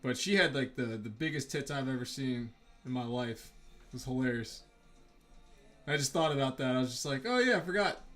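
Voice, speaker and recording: A man's voice: mid-range voice, steady tone, moderate pace, fairly bright tone, faint music behind. Rambling, foul-mouthed man chatting while sketching. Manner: rambling, profane, filler-heavy storytelling. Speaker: artist vlogger. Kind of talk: casual rambling chat while drawing.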